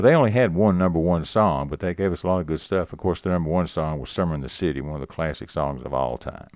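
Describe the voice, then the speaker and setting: A man's voice: low-pitched, darkish tone, dry recording, clean studio sound. A man hosting an oldies radio show, chatting about old records in an easygoing way with lots of filler words. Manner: easygoing, unhurried, with frequent "uh" fillers. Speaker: radio disc jockey.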